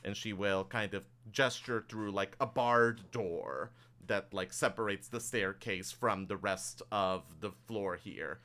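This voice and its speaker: A man's voice: lowish voice, slow, hardly any pauses, bright, forceful tone. A man narrating as game master of a tabletop game, improvising loosely with many fillers.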